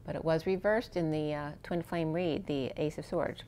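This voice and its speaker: A woman with a slightly low voice walks through a spiritual tarot reading. She speaks softly and meanders, letting her phrases trail away, and her voice is wearing thin. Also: steady tone, moderate pace. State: losing her voice. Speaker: tarot reader.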